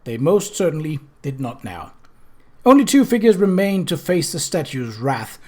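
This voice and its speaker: An audiobook reader narrating a comic fantasy novel in a steady, dry storytelling voice. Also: mid-range voice. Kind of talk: audiobook reading.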